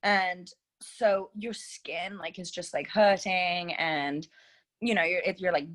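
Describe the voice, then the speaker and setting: With a low-ish voice and a slow pace, this young Englishwoman speaks in an accent mixing British and LA. Appearing as a guest interviewee and reality show contestant, she chats casually and lively, sprinkling in lots of "like" and "you know."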